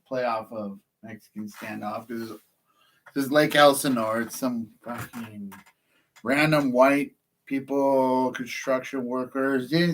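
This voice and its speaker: A man's voice: medium pitch, slight background noise. A man from California, rambling through a casual story to the camera, swearing often and laughing at himself. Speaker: process server vlogger.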